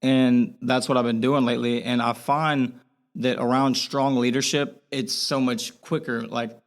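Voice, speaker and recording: A man's voice: mid-range voice, little pitch movement, unhurried. A young man as a podcast guest, talking earnestly and rambling in a candid interview, with lots of fillers and restarts.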